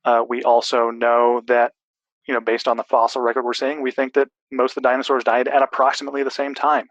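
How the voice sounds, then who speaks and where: A man's voice: mid-range voice, completely flat delivery, a little fast, fairly bright tone, no room sound, highs cut off. A man in a casual discussion, explaining at length with restarts and fillers.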